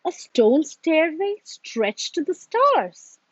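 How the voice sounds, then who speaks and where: Slow expressive woman reading a storybook. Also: high-pitched, dry recording, lo-fi sound. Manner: slow, expressive, sing-song. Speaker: children's story reader.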